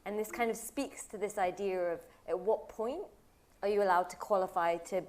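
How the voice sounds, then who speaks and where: A woman's voice: mid-range voice, moderate pace, darkish tone, a little hiss or hum. A woman on a panel at a live event, answering thoughtfully and searching for words.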